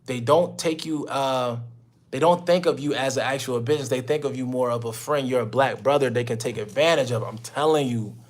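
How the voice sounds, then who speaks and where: A man's voice: mid-range voice, a little fast. A young man coaching his mentorship group on a call, blunt and preachy, full of slang and swearing. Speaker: business mentor. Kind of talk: motivational talk on a call.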